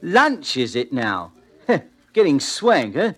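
An actor playing a poor drifter, chatty and cheeky, narrating in an old-time radio drama. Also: male voice, mid-range voice, wildly swooping pitch, slow, fairly bright tone, heavily acted. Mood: wry. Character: poor male drifter, down on his luck.

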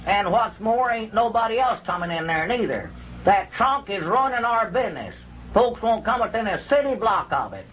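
An actor playing a timid, excitable storekeeper who whines and protests, in an old-time radio comedy. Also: male voice, high-pitched, moderate pace, slight background noise, rough recording. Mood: fearful. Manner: whiny, jittery, protesting. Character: timid, excitable older male country storekeeper.

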